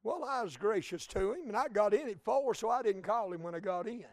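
A male preacher telling a story in a sermon, fervent and rising to shouts. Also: high-pitched, lively intonation, brisk, vocal fry, no echo.

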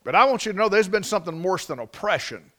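A man's voice: sits high, expressive, fast, sharp tone. A man preaching a sermon, emphatic and prone to restarts. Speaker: pastor.

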